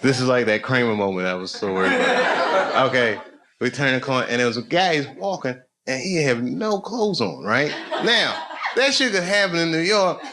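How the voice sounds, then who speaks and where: A man's voice: mid-range voice, animated, normal speed, crowd noise. A man telling loose, profane, rambling stories as a stand-up comedian on a comedy club stage. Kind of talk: live stand-up storytelling.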